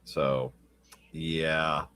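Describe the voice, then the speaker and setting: A man on a discussion panel, explaining his points in a dry, deliberate way. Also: very deep voice, flat delivery, sharp tone, smooth. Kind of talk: casual debate chat.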